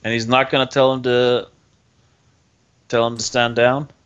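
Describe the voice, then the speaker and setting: A man playing a tabletop game, working out his moves aloud with hesitant starts and trailing phrases. His voice sits at a middle pitch and comes through dull and lo-fi. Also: level tone, measured pace, fairly bright tone, smooth. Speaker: player. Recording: dull lo-fi sound.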